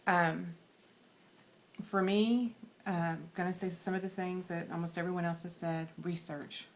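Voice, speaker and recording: Soft-spoken Texan woman vlogging advice. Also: on the low side, steady tone, a little slow. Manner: soft-spoken, many fillers, earnest; quiet and shy. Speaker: weight loss surgery vlogger. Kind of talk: casual advice vlog.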